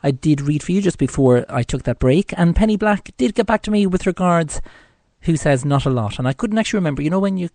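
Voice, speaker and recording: A man with an Irish accent and a warm, medium-pitched voice hosts his own psychic radio show, heard in a dry recording. It's casual solo chat, rambling and full of "you know" fillers.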